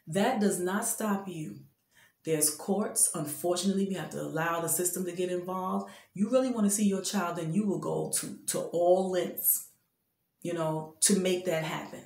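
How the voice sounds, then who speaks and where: A woman in her fifties delivers an emphatic, preachy talk, scolding and pleading with her listeners. Her voice sits fairly low for a woman. The sound carries the echo of the room around her. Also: a little mellow. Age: 50s. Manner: preachy, emphatic, addresses men directly. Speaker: vlogger giving faith-based advice. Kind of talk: impassioned spoken exhortation.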